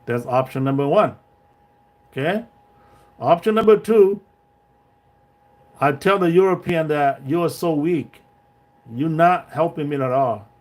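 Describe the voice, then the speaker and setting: A man's voice: on the high side, moderate pace. A man hosting a livestream, giving his opinions in broken, non-native English, with many restarts and direct checks with his viewers. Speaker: livestream host. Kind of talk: casual opinion monologue.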